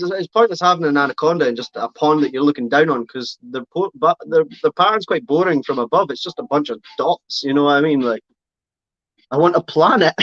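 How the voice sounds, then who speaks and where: A man's voice: a little high, a bit bright, dry recording, lo-fi sound. A man chatting casually on a live stream, rambling and correcting himself as he answers comments. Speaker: reptile keeper streaming live.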